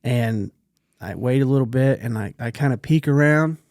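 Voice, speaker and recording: A man's voice: medium pitch, normal speed, no room sound, studio quality. A man co-hosting a podcast, telling stories in casual chat and acting out the quotes, sometimes dropping to a whisper. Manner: animated storyteller, acts out quotes, drops to a whisper. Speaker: podcast co-host.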